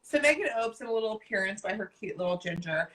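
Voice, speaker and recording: A woman hosting a casual live chat with a bright, forceful voice. She gushes, teases and swears freely, with a playful edge. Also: medium pitch, animated, quick pace, poor audio. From New Jersey. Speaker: host.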